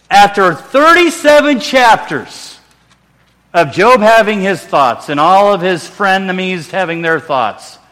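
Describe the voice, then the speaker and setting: A middle-aged pastor with a high, fairly bright voice preaches in a church sanctuary where the sound rings with a large hall's long reverb. His sermon is sincere and chatty, with restarted phrases and self-deprecating remarks.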